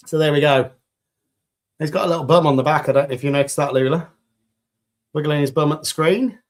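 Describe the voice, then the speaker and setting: A man with a British accent chatting enthusiastically on a live stream while demolding resin pieces, a little croaky after hours of talking. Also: fairly high pitch, fairly quick. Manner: chatty and enthusiastic, greeting viewers.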